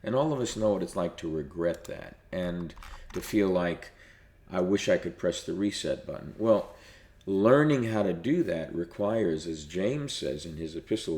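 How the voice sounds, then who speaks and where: A male pastor giving a short devotional message in a measured cadence, repeating key phrases slowly. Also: low-pitched, lively intonation, darkish tone, echoey room.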